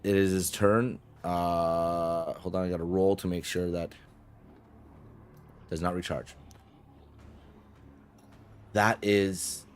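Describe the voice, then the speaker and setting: A man's voice: sits low, flat delivery, slow pace, long pauses, smooth. A man narrating as game master of a tabletop game, casual and rambling, often restarting mid-sentence and swearing.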